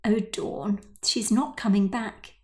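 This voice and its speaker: A woman's voice: medium pitch, steady tone, slow pace, darkish tone, lightly acted. A woman voicing a sly, cold mother whose words sound sweet but hollow. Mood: falsely sweet. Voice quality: sticky, sly, falsely sweet.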